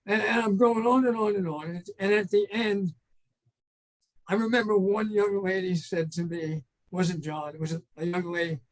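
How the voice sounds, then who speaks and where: An older man with a notably high-pitched voice, telling stories as an interview guest. He rambles from one anecdote to the next and acts out old phone calls as a trainer and consultant would. His talk is loose and conversational. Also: fairly even intonation, moderate pace, rough recording. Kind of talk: casual storytelling in an interview.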